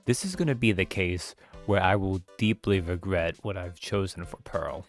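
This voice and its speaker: A man's voice: low-pitched, animated, moderate pace, faint music behind. A man streaming a game, chatting in rambling asides between the dialogue. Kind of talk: game commentary on a livestream.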